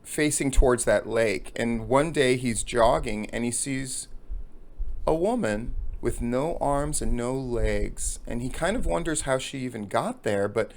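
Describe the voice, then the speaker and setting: Gravelly man telling a story. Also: mid-range voice, unhurried. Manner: animated storyteller, acts out the characters. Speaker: podcast host. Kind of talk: storytelling a joke in a talk on wrestling storytelling.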